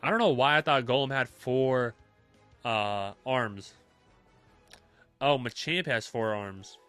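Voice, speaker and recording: Young man, casual stream chat, bright tone, smooth voice, faint music behind. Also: medium pitch, slow pace. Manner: relaxed and chatty, talks to chat, many fillers.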